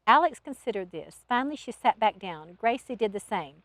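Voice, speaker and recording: Expressive woman reading her novel. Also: medium pitch, moderate pace, no echo. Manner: expressive storytelling. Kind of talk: audiobook narration.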